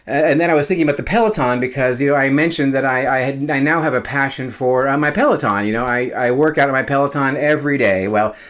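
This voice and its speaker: A man's voice: mid-range voice, a bit bright. Chatty man in his fifties, a little winded. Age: 50s. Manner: chatty, rambling, many fillers. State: slightly out of breath. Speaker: realtor. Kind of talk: casual vlog monologue. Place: home after a workout.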